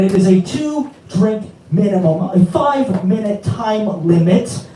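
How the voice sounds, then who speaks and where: High-voiced man hosting an open mic. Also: expressive, normal speed, far from the mic. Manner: joking, loud and playful. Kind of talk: hyping up a live open mic crowd. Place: bar with a live audience. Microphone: stage microphone. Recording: echoey room from off-mic, music behind.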